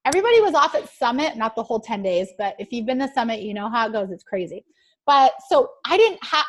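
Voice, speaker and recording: A woman talking casually on a team training call, chatty and eager, full of fillers and quoted asides. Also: high voice.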